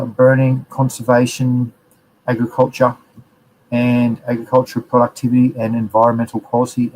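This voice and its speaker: A man's voice: mid-range voice, a little hiss or hum, poor audio. An Australian man hosting a live show, chatting casually and rambling with slang. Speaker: host. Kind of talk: casual live-stream chat, reading chat messages.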